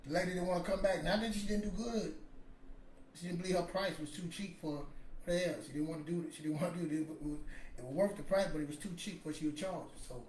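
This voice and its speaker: A man's voice: sits high, fairly quick, darkish tone, distant mic, a little hiss or hum. A man, casually telling a motivational story in a rambling, emphatic way. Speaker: podcast host. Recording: echoey room with faint ambience.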